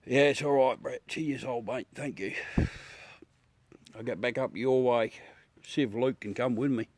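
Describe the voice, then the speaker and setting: A man's voice: medium pitch, a little slow, a little mellow, no room sound. Laid-back Australian man, dry close sound. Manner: laid-back, blunt, swears, calls everyone mate. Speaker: livestream host. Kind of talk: casual live chat with viewers.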